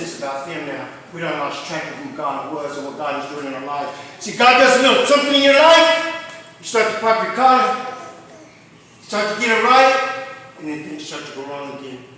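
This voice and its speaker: High-voiced preacher man in an echoey hall. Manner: preaching with sudden loud swells and quiet asides. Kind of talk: sermon. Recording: echoey hall from far off, faint noise.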